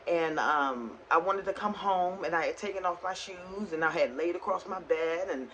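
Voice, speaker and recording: A woman vlogger telling a casual, animated story in a rant, acting out both sides of a conversation. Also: fairly low pitch, moderate pace, muffled recording, slight background noise.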